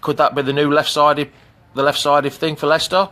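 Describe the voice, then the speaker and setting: A man's voice: on the high side, level tone, a little fast, pushed and bright. A middle-aged man with an English Midlands accent, chatting casually on a live stream from an outdoor pool and greeting viewers by name. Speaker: fan channel host. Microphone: phone camera.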